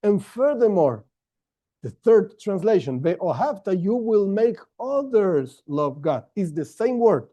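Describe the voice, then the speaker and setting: A man's voice: high voice, big pitch swings, takes it slowly, mellow. Man teaching a Torah class, stressing words. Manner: explanatory, stresses key words, frequent restarts.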